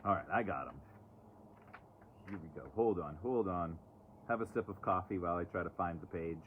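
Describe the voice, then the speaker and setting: A chatty, lowish-voiced man does a laid-back oracle card reading on a live stream at a moderate pace, adding sarcastic jabs along the way. The phone he speaks into outdoors, away from home, gives a thin, tinny, phone-line sound with a little hiss or hum.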